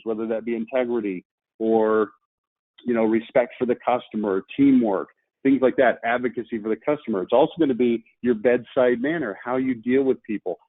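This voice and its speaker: A man's voice: medium pitch, no echo. A man giving a marketing webinar lecture, emphatic, with rhetorical questions and repeated key words. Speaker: marketing presenter. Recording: tinny phone-like line, dry.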